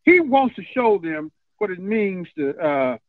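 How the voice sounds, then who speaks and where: A man's voice: sits high, sing-song, measured pace, no echo. A male coach calling into a radio show, earnest and emphatic with hesitant fillers. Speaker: caller, coach. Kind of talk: call-in radio talk. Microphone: phone. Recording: tinny phone line.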